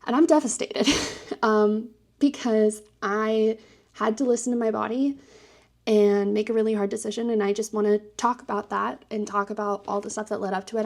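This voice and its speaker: Breathless young woman with vocal fry. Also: mid-range voice, a little mellow. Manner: earnest, dropping to a breathy near-whisper at times. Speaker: PhD student and disability advocate. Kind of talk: personal vlog talk to camera.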